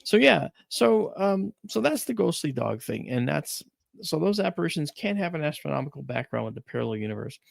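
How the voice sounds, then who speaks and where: A man's voice: fairly high pitch, very animated, fairly quick, vocal fry, no room sound, clean studio sound. A man hosting a talk show, chatting casually and telling rambling, emphatic stories. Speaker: radio show host. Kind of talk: casual storytelling chat.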